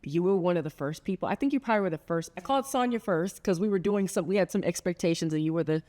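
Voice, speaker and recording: Earnest storytelling woman host, lowish voice. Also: quick pace, mellow. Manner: earnest, storytelling, laughs often. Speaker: podcast host. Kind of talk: heartfelt sit-down conversation.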